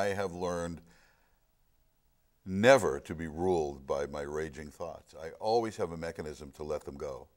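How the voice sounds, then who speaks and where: Middle-aged man, very deep voice, earnest storyteller in casual talk. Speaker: film discussion guest. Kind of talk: casual chat.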